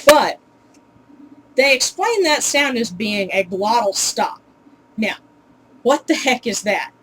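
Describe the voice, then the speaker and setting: A woman's voice: on the high side, lively intonation, slow pace, fairly bright tone, slight background noise, low-quality recording. A woman casually teaching pronunciation in a home video, chatty and full of ums, with wry, exasperated asides. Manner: chatty, with many ums and uhs.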